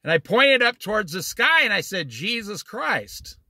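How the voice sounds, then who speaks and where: A man's voice: sits high, no room sound, studio quality. A middle-aged man leading an informal Bible study, telling stories in a folksy, emphatic way. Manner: folksy, animated storytelling with emphatic slow stresses.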